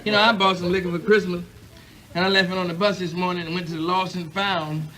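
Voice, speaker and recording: A man's voice: high voice, flat delivery, fast, crowd noise. A male stand-up comedian telling loose, rambling jokes to a live audience on a comedy album. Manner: loose, rambling storytelling with chuckles.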